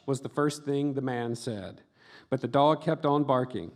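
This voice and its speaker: A middle-aged man reading his own memoir aloud at a book festival, delivering dark comic lines deadpan and breaking off for brief offhand asides. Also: mid-range voice, normal speed. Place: book festival event before an audience.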